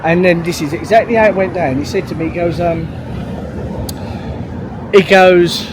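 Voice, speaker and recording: A man's voice: sits high, steady tone, moderate pace, long pauses, noisy background. A man, telling a long story in a rambling, sweary way, full of fillers and restarts. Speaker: vlogger. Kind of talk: casual storytelling monologue.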